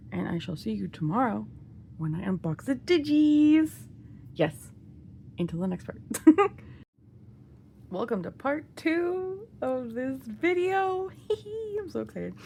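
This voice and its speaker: Giddy young woman with a gravelly voice. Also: a little high, slight background noise. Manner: giddy, gushing, laughs often. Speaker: unboxing vlogger. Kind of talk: excited casual unboxing chat.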